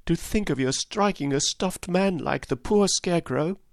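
Man putting on a brave young girl, high-pitched, scolding and earnest, in a storybook reading, dry close sound. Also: normal speed, dry recording. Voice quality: high, girlish put-on voice. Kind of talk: audiobook reading.

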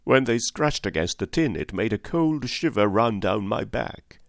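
Guy doing a low sad cowardly lion, storybook read, lively delivery. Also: unhurried, gravelly, dry recording, clean studio sound. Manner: sad, apologetic. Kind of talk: audiobook reading.

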